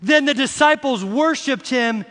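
Man, pastor, middle-aged, very high voice, slow emphatic sermon, long hall reverb. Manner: preaching with rising shouts and slow emphatic repetitions; uses "y'all" and "see" to address the congregation.

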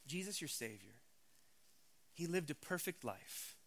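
A man's voice: on the high side, sing-song, a little slow, vocal fry, a bit bright. A man in his thirties, a pastor giving a conversational, emphatic sermon.

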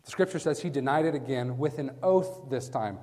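A man preaching a sermon with emphatic stress, swinging from hushed lines to loud bursts and often asking his listeners "right?". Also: mid-range voice, brisk. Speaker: preacher teaching a Bible passage. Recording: long reverb from a large hall.

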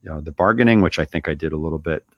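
Male host, very low gravelly voice, dry close sound, relaxed coaching talk full of "you know". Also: racing, no echo, highs cut off. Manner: loose, conversational, lots of "you know" and "right?". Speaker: business owner and show host. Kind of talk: casual coaching monologue.

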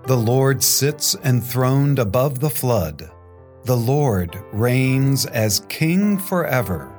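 A middle-aged man preaches a homily at an easy, slow pace, telling stories in a conversational way and chuckling now and then. His voice sits at a medium pitch. Soft music plays faintly beneath him. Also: big pitch swings. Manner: conversational storytelling, chuckles often. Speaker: priest. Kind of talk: homily and scripture reading.

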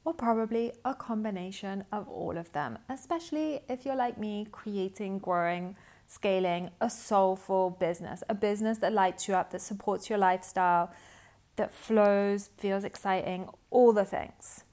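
A woman's voice: mid-range voice, moderate pace, a little mellow. A young adult woman hosting a solo podcast as a business coach, talking in a chatty, upbeat way and acting out inner thoughts. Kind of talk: casual solo podcast monologue.

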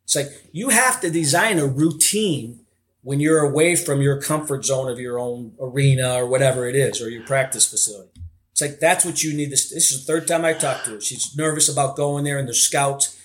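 A man's voice: medium pitch, fairly quick. A man hosting a casual podcast interview, rambling and leaning heavily on filler phrases. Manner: rambling, heavy on "like" and "you know".

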